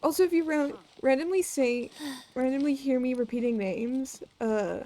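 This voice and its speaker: A woman streamer giving casual, chatty commentary while playing a game, self-deprecating and quick to laugh. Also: high-pitched, dark tone.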